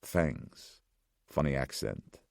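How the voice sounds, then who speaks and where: A man's voice: extremely low pitch, lively intonation, vocal fry, no room sound, studio quality, heavily acted. A man voicing a somber, ominous old survivor. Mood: grave. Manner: slow, grave, measured.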